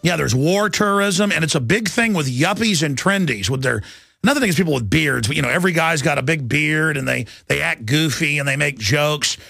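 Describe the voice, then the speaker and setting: Gravelly, intense ranting radio host man. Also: on the high side, lively intonation, fairly quick, bright, forceful tone, no echo, faint music behind. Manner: intense and combative, mocking impressions of others. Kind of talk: ranting talk radio monologue.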